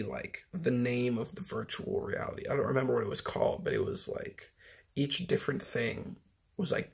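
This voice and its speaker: A man's voice: medium pitch, creaky, slightly rough. A man casually recounting a story in a rambling monologue, swearing constantly and leaning on filler words. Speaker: vlogger recounting a dream.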